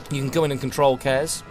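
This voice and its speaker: A man commentating his own gameplay live, chatty and wry, talking to his viewers while tired and yawning late at night. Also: medium pitch. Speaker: game streamer.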